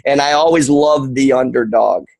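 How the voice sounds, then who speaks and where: Rambling, energetic man on a video call. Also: medium pitch, normal speed, gravelly, dry recording, low-quality recording. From Western New York. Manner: energetic, rambling, lots of fillers. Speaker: guest presenter. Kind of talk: sales presentation on a video call.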